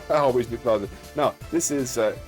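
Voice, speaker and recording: Casting: male comedian host, animated pitch, playful casual chat, music faint behind. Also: measured pace. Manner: chatty, playful, lively delivery. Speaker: comedian host of a live stream. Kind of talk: casual live-stream chat.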